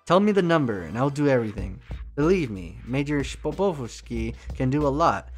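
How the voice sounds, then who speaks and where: A man voicing a gruff old male militia major with a Ukrainian accent and a lisp. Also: mid-range voice, expressive, moderate pace, faint music behind, natural voice. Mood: eager. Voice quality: lisping.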